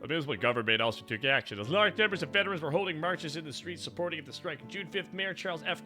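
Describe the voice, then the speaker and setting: A young man streaming while driving, reading history aloud with animated, profane, sarcastic asides. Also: fairly high pitch, fast, hardly any pauses, soft background music.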